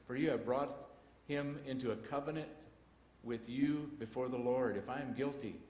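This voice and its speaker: A man's voice: mid-range voice, normal speed, a little mellow. A man with a Texan accent teaching a Bible class in a church, reading scripture aloud and breaking into folksy asides. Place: church auditorium. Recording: echoey church hall broadcast.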